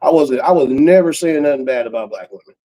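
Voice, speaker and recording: A man's voice: mid-range voice, expressive, quick pace, dark tone, rough recording. A man YouTuber talking in a casual rambling monologue, full of street slang, chuckles and trailing fillers.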